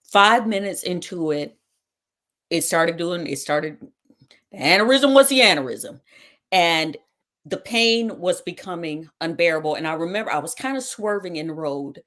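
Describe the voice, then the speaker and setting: A woman hosting a talk show recounts her own ordeal as a personal testimony, with a somewhat low voice. She tells it dramatically and acts out the lines people said to her. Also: animated, a little slow, fairly bright tone. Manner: dramatic retelling with quoted dialogue.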